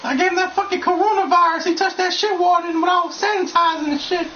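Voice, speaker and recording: A woman trash-talking loudly over her gameplay, shouting and laughing at the screen. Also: very high-pitched, quick pace, slight background noise. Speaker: gamer. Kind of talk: loud gameplay commentary. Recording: dull capture with game music.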